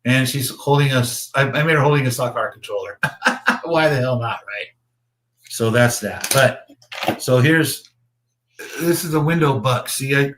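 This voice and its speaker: A slot car builder hosts a casual livestream, rambling about his model builds with swearing and chuckles. His mid-range voice sounds a bit bright, with slight background noise.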